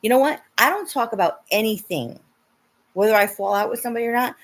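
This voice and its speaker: A woman's voice: fairly high pitch, quick pace. A young woman livestreaming and chatting with her viewers, laughing often and swearing when she gets upset. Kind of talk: casual livestream chat.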